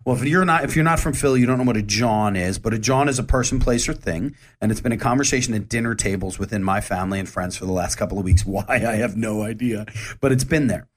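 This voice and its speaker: Candid rambling man in his forties. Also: medium pitch. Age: 40s. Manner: candid, rambling, conversational with frequent restarts. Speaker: show host. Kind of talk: casual monologue.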